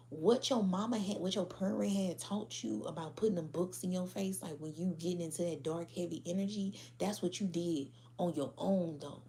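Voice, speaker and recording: A woman's voice: on the low side, warm tone, a little hiss or hum. Profane, laughing woman tarot reader. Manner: blunt, profane, laughing, slangy. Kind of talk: casual tarot reading to viewers.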